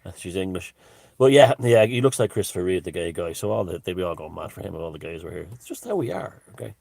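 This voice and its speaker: Irish man, deep and dry-voiced, vlogger; rambling, halting monologue full of asides. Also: gravelly, darkish tone, dry recording. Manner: digressive, halting, many restarts and asides.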